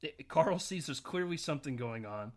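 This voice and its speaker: A man's voice: mid-range voice, animated, normal speed. Man recapping a film, often laughing. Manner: retells scenes while acting out the lines, laughing often. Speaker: podcast host. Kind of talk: casual podcast film recap.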